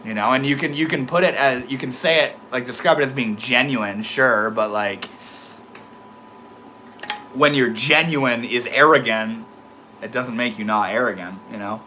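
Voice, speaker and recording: A man's voice: medium pitch, moderate pace, pushed and bright, slight background noise. A young man with a slight lisp, talking casually to his livestream chat, laid-back and swearing freely. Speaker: livestream host reading chat.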